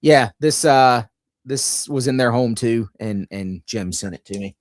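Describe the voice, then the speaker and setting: A man's voice: mid-range voice, dry recording. A man co-hosting a podcast, telling stories and reading out lists at an easy pace in casual chat. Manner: laid-back storyteller, reads lists slowly. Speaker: podcast co-host.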